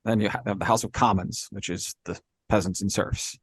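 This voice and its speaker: A man's voice: lowish voice, steady tone, a little fast, husky, dry recording. Man explaining history in casual podcast chat. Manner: explains with frequent "right?" and "you know". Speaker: podcast co-host.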